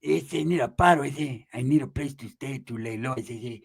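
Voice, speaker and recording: A man voicing a down-and-out cousin on the run who mumbles in a low, pleading voice and drags out his words. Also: normal speed, creaky, breathy edge.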